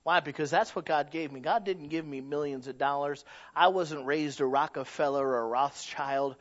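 A man's voice: fairly high pitch, fairly even intonation, moderate pace, highs cut off. A man preaching a sermon in a conversational way, asking rhetorical questions and building to emphatic peaks. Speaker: pastor.

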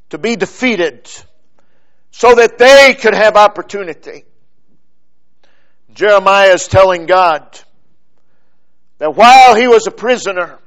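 A man delivers a sermon in a fairly high voice. He speaks slowly and deliberately, pausing for effect and letting his phrases drop off at the end. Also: a bit bright. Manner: slow, deliberate preaching with dramatic pauses and falling phrase ends. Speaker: preacher.

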